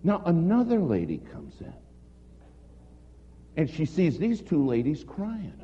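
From the pulpit, a male preacher tells a story in a dramatic storytelling sermon, his slightly high voice swooping wildly in pitch, slow-paced and dark in tone. The recording captures an echoey hall with dull, lo-fi sound and faint noise.

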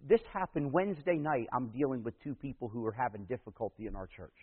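Husky-voiced man preaching a sermon. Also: medium pitch, quick pace, in a large hall. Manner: preaching, rising to loud emphatic peaks. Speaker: pastor. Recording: tinny phone-like sound.

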